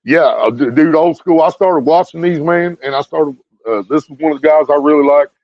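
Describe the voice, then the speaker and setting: A man with a somewhat high voice rants bluntly to his viewers and swears heavily. He repeats his phrases as he builds up heat. The recording sounds muffled, dry and lo-fi. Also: fairly quick, no room sound. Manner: blunt, heated, repeats himself with lots of swearing. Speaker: video streamer. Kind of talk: profane ranting commentary to viewers.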